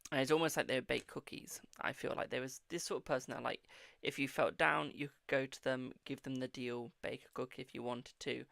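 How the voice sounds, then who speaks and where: A man's voice: mid-range voice, fairly even intonation, a little fast, gravelly, hardly any pauses, a bit bright, no room sound. A man hosting a live-stream psychic reading, chatting casually and affectionately calling viewers boo and darling. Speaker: psychic tarot reader and host.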